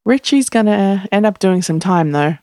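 A woman voicing a gruff middle-aged man who grumbles at his hurt friend. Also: mid-range voice, animated, moderate pace, dark tone, no echo, clean studio sound, natural voice. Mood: grumpy.

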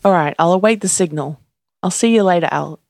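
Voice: medium pitch, fairly quick, vocal fry, dry recording, natural voice. A narrator reading an earnest male hero. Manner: gentle and sincere. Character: kind, earnest male time traveler.

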